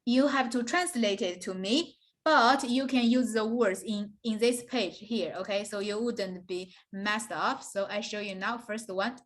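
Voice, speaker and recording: A woman's voice: mid-range voice, a little slow, few pauses. A woman teaching a beginner Mandarin lesson, explaining patiently and often checking in with "okay?" and "right?". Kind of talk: online beginner language lesson.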